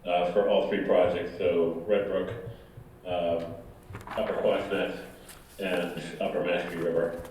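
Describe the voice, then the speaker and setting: A man on town staff speaking at a public meeting, halting and full of you-knows. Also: sits low, little pitch movement, darkish tone, slight background noise. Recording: echoey, distant room mic.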